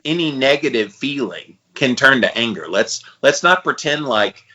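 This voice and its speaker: A man in his forties co-hosting a podcast, thinking out loud and steering the chat with questions. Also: mid-range voice, lively intonation, normal speed, low-quality recording. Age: 40s. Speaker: podcast co-host.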